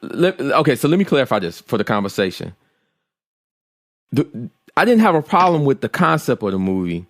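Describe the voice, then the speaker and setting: A man in his thirties trades opinions on a casual podcast. He is blunt, repeats his points, and his pitch swings a lot. The sound is dry and close. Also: sing-song, moderate pace, no echo. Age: 30s. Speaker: podcast co-host. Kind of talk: casual chat.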